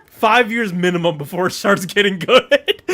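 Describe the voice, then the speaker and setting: A man's voice: very high-pitched, fairly bright tone. A man from Europe streaming a game with casual, joking commentary, rambling and often laughing.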